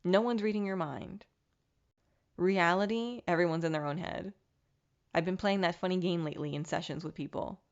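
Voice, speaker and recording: This woman's voice is on the low side, moving at a moderate pace on a lo-fi recording. She hosts her own podcast, talking candidly and reflectively in a casual motivational monologue, mildly profane at times.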